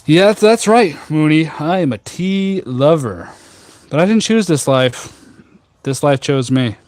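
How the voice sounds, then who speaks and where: A man hosting a casual tea live stream outdoors on a rooftop garden, chatting with viewers in a jokey, rambling, deadpan way with many fillers. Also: on the high side, measured pace, dry recording. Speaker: tea livestream host.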